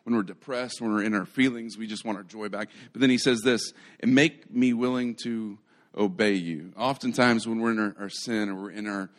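A man's voice: lowish voice, fairly even intonation, fairly quick, few pauses. A man preaching a sermon in a conversational way, retelling stories animatedly and often restarting his phrases. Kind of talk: live sermon.

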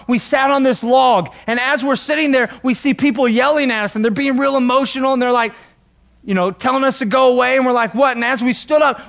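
A man preaching a sermon as a pastor, animated and emphatic, sometimes acting out the voices he quotes. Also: very high voice.

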